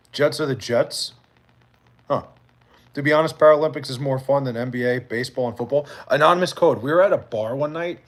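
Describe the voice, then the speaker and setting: A man hosting a livestream, telling a long, profane story full of fillers and answering viewers' chat messages. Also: mid-range voice. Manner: reads and answers chat comments. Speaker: livestream host. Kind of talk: casual chat with live viewers.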